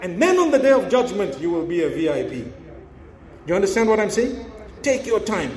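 A man with a high, light voice delivers a sermon in a roomy, echoing hall. He speaks earnestly to his audience, coaxing and encouraging them with rhetorical questions. The reverberation of the room hangs on each phrase. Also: sing-song, a little fast, darkish tone. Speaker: Islamic preacher.

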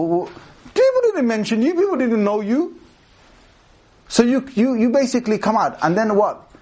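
A man preaches to a gathered audience in a fairly high voice. He talks in an animated, joking way and throws questions at the listeners. Now and then he recites verses in Arabic. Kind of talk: sermon to a live audience.

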